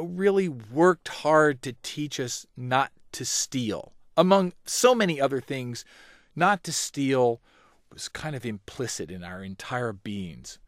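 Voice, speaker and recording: A man telling a first-person story in an animated, wry way. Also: fairly high pitch, no room sound.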